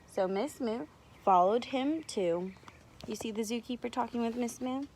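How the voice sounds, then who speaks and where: A woman teacher reading a picture book aloud to young children, animated, stopping to ask them to guess. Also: a little high, normal speed, a little hiss or hum, low-quality recording. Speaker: preschool teacher.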